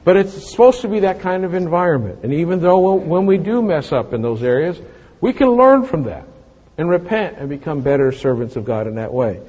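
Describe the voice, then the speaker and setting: A man's voice: fairly high pitch, lively intonation, fairly quick, a little mellow, slightly rough. A man in his late fifties preaching a sermon, mixing scripture reading with folksy, self-mocking stories. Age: 50s. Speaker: pastor. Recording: long hall reverb.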